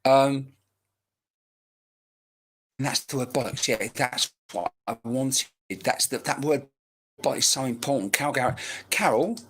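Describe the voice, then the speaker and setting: A man's voice: medium pitch, unhurried, long pauses, slightly rough. A man, working as a medium in a live-streamed reading, talking in a chatty, rambling way with casual banter and swearing, recorded on a webcam mic.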